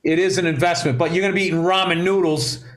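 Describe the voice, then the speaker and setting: A man co-hosting a casual comedy podcast, profane and rambling, with sudden excited bursts. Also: high voice, quick pace. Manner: profane, ranting, rambling asides; loose and jokey, with bursts of excited speech. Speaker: comedian co-host.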